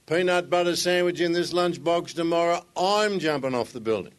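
A blunt, fed-up Australian laborer, as a man puts him on, with his voice pitched up from the teller's usual tone. He is plain-spoken and exasperated. It sounds like a comic joke voice. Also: normal speed, lightly acted.

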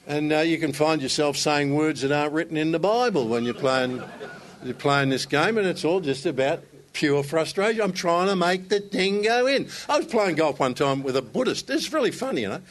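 Guy giving a laid-back sermon to men, jokey stories, voice a bit on the high side. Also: a little hiss or hum. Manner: chatty, self-deprecating storytelling with humor. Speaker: speaker to men. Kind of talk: conversational sermon.

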